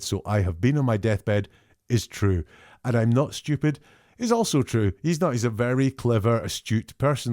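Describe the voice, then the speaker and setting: A man's voice: lowish voice, dark tone, no echo, clean studio sound. A man hosting a show, analysing public denials in a conversational, point-by-point way. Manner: conversational, picks apart quotes word by word. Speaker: statement analyst host. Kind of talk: analytical commentary.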